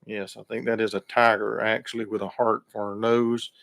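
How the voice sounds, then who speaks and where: A man's voice: on the low side, little pitch movement, moderate pace, creaky, fairly bright tone. Folksy male radio host. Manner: folksy, friendly, talks to chat by name. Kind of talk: casual radio chat with listeners.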